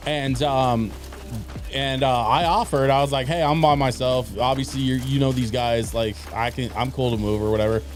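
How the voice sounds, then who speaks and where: A man's voice: mid-range voice, steady tone, moderate pace, soft background music. A man streaming a game, telling a long casual story in a rambling way, full of fillers and restarts. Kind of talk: casual storytelling while gaming.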